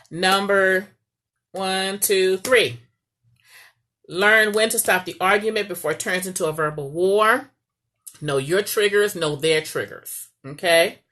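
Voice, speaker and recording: A woman's voice: fairly low pitch, sharp tone. A woman giving casual marriage advice as a coach, chatty and often checking in with "okay?". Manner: chatty, repeats "okay?" to the viewer.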